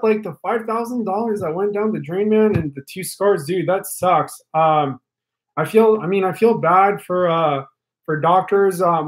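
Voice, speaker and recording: A young man with a voice that sits high hosts a casual live stream, talking directly to his viewers on a rough recording. He's talkative and rambling, full of fillers and restarts, and speaks into a studio mic held a little away from his face.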